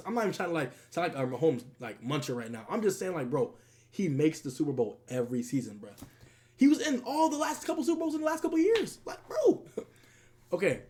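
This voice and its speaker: A man's voice: high voice, wildly swooping pitch, fast talker, darkish tone. A young man streaming casually, talking sports in heavy slang and laughing often. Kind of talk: casual livestream commentary.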